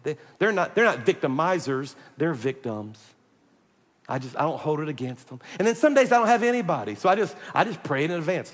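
A man preaching a sermon, animated and joking, pressing his points hard and calling out to the congregation. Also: on the high side, brisk, in a large hall. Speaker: pastor.

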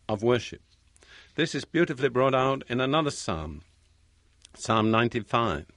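A male preacher delivers a teaching talk in a measured, deliberate way, pausing and repeating phrases for emphasis. His voice sits at a middle pitch. The recording is close and dry, with no room sound. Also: a bit bright, no echo.

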